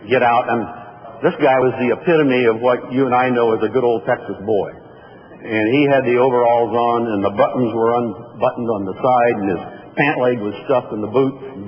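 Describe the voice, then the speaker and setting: A man's voice: medium pitch, steady tone, moderate pace. A man giving a motivational speech, telling folksy personal anecdotes to an audience. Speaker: motivational speaker. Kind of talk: storytelling keynote speech. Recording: echoey hall, dull lo-fi sound, faint noise.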